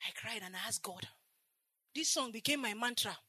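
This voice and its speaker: A woman preaches a fervent sermon in a high, bright voice. She swings between loud, repeated calls to the congregation and quiet, almost tearful passages. The sound is dry and close. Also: moderate pace, breathy edge, no room sound. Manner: swings from loud shouting exhortation to soft, tearful confession.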